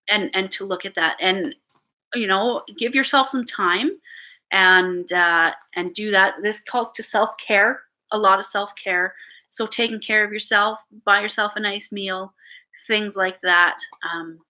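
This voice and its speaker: A woman's voice: medium pitch, pushed and bright. Chatty Canadian woman reading tarot. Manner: chatty, halting, repeats words. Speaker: tarot reader. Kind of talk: live-stream tarot reading.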